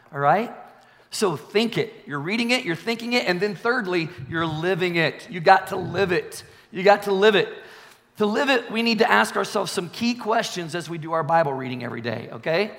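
A man's voice: sits high, fairly bright tone. A male pastor preaching a sermon with emphatic repetition, calling out to the congregation. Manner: emphatic, repeats key phrases, calls for congregation response. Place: church sanctuary. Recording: long reverb of a large hall.

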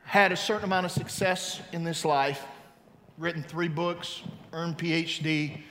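Man, 50s, pastor, sermon, bright forceful voice, big hall reverb, loud-to-hushed storytelling. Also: on the high side, fairly even intonation, unhurried, slight background noise. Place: large church hall. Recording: reverberant hall, faint ambience.

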